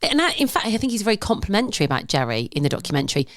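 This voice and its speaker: A woman's voice: mid-range voice, very animated, no echo, clean studio sound. An English woman co-hosting a podcast, bantering and reacting in casual chat. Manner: chatty, quick reactions and banter. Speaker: podcast co-host.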